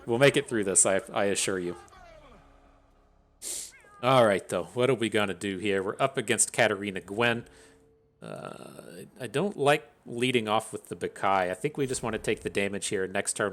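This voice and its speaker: A man's voice: fairly low pitch, fairly bright tone. A man thinking aloud as he commentates his own card game, swearing freely and grumbling between plays. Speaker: gameplay commentator. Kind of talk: casual gameplay commentary.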